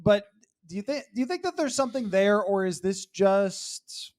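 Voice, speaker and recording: A man's voice: high voice, expressive, moderate pace, darkish tone. A man hosting a sports podcast round table in a chatty, wry way, putting questions to his guests. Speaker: podcast host.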